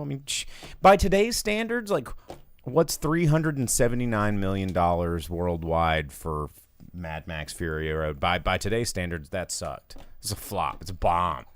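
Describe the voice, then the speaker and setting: Gravelly, lively-voiced man hosting a podcast. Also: deep voice. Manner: rambling, sarcastic, animated. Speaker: podcast host. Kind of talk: casual movie podcast chat.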